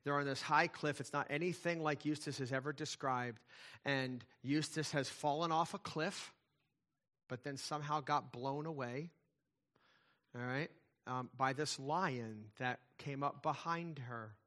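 A man's voice: mid-range voice, unhurried, a bit bright. A man preaching a sermon, telling a story to his listeners in an earnest, emphatic way. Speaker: pastor.

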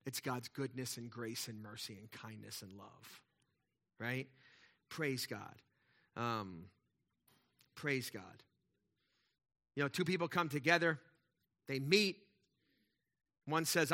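Bright-voiced man preaching a sermon. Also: mid-range voice, takes it slowly, long pauses. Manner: conversational preaching with rhetorical questions, shifts between loud and quiet. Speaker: pastor.

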